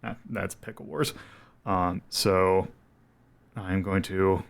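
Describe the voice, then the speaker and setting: A man's voice: low voice, steady tone, slow pace, creaky, a little hiss or hum. A man hosting a retro game stream, talking casually and rambling, correcting himself and chuckling as he goes. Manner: rambling, self-correcting, chuckles between thoughts. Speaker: streamer host ranking retro games.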